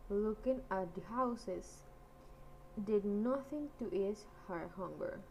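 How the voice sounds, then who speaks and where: A woman reads a fairy tale aloud, lilting and expressive. Her pace is slow and deliberate, and a faint hiss sits beneath her voice. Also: medium pitch, poor audio. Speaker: storyteller.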